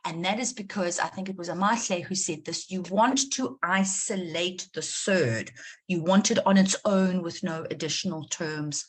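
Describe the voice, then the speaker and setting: This South African woman teaches a live online maths revision class in a lowish, breathy voice at normal speed. She quizzes her students and encourages them, going back over key points to emphasize them.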